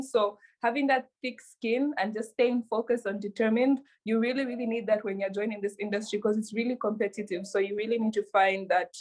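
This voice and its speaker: A woman being interviewed about running her businesses, answering in an earnest, measured way with frequent fillers. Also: on the high side, darkish tone. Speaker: interview guest, entrepreneur.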